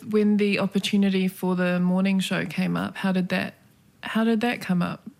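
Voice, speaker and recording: A woman's voice: mid-range voice, steady tone, normal speed, gravelly, a little mellow. A woman hosting a casual interview, asking open questions and laughing along with her guest. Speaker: podcast host, interviewer.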